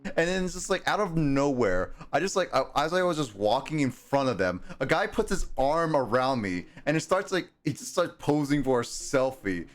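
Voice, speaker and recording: A young man in casual chat who tells stories haltingly, restarting often and filling pauses with hesitant sounds. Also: fairly high pitch, big pitch swings.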